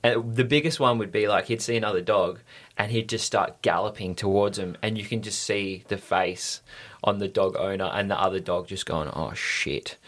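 A man's voice: on the low side, fairly even intonation, normal speed, a bit bright. An Australian man telling stories as a podcast guest in an easygoing, rambling way with lots of fillers. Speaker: podcast guest, stunt rider. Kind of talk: casual storytelling.

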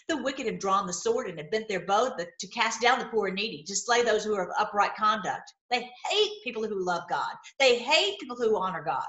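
A woman's voice: mid-range voice, a little fast, few pauses. Emphatic woman preaching in an echoey room. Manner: emphatic, repeats lines, breaks into excited exclamations. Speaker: online Bible teacher. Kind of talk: reading and preaching on scripture.

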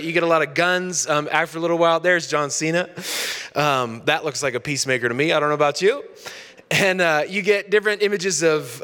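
A man's voice: a little high, sharp tone, long reverb tail. A man in his thirties preaching a sermon in a church, conversational and storytelling, asking the congregation questions. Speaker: pastor.

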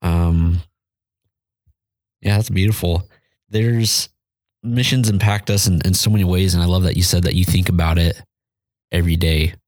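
Deep, even-toned male podcast host. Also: normal speed, pauses often, no room sound. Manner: reflective, calm, affirming. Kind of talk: casual interview.

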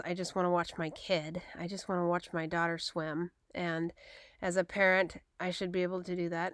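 Frustrated mother, 30s, frank storytelling, crisp dry voice. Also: medium pitch, fairly bright tone, dry recording. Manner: upset, frank, retelling dialogue with emphasis. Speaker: mother telling a personal story. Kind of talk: casual personal storytelling.

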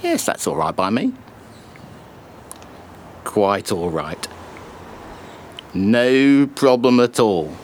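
A man's voice: fairly low pitch, sing-song, drawn-out words, pauses often, a little mellow, a little hiss or hum, exaggerated voice. An actor playing an odd, overly friendly man who imitates soups, talking in a smarmy, self-satisfied way and making slurping sounds. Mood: ingratiating.

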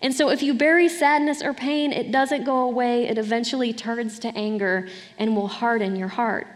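A woman's voice: fairly high pitch, fairly even intonation, moderate pace, in a large hall. A middle-aged woman pastor preaching a sermon in an earnest, conversational way, with light laughs between points.

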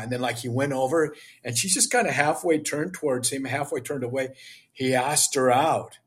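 Husky older man preaching emphatically. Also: mid-range voice, moderate pace. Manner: emphatic, preachy, acts out dialogue. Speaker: podcast guest, author. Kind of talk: impassioned interview talk.

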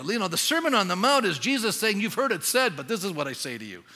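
Animated high-voiced pastor preaching. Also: male voice, quick pace, in a large hall. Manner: animated, emphatic, asks the congregation questions. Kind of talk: sermon.

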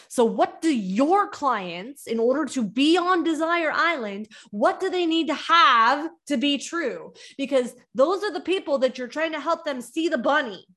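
A young adult woman hosting a podcast, coaching business owners in an energetic way and firing off rhetorical questions. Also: high voice. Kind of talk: teaching podcast talk.

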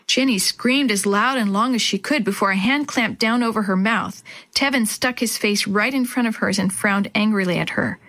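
A woman narrating a children's storybook in a measured, expressive reading. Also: mid-range voice.

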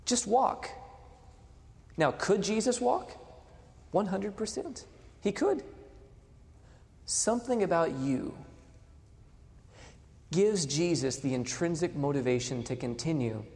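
Lively preacher in a reverberant hall. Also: male voice, fairly high pitch, takes it slowly, long pauses. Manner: dramatic, swings between loud and hushed. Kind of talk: sermon.

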